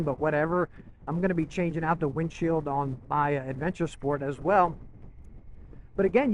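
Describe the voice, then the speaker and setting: A man's voice: sits high, a little hiss or hum, rough recording. A man talking casually to camera as a motorcycle vlogger, chatty and enthusiastic, often checking in with "right?".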